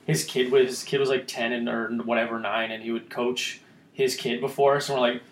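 A young man from Canada, chatting casually as a podcast co-host, animated and laughing often as he acts out quotes. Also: mid-range voice, brisk, reverberant. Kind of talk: casual chat.

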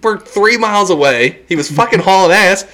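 Man, higher pitch, animated, rambling, casual swearing. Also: normal speed. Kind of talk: casual profane chat among friends.

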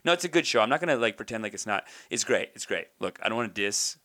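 A man doing a loose, animated stand-up comedy bit, riffing in slangy, casual talk. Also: lowish voice, quick pace.

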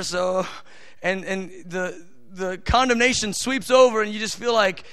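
A man's voice: high-pitched, normal speed, a bit bright, clean tone. A man preaching a live sermon, speaking emphatically and talking directly to his listeners. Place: church service with family present.

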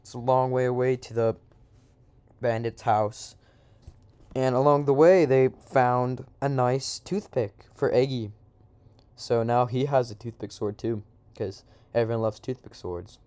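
A man's voice: medium pitch, steady tone, unhurried, a little mellow, smooth. A man improvising a silly comic story in a rambling, slangy way, with lots of asides.

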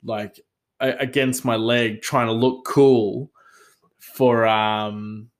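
A man's voice: mid-range voice, steady tone, extremely slow. A man telling a casual, rambling story with many fillers, self-mocking and often laughing.

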